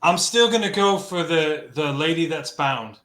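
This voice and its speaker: A man's voice: fairly high pitch, animated, a little slow, sharp tone, roomy sound, a little hiss or hum. A man playing a tabletop game, talking through his moves with hesitant, stumbling speech. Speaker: player. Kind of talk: casual tabletop play.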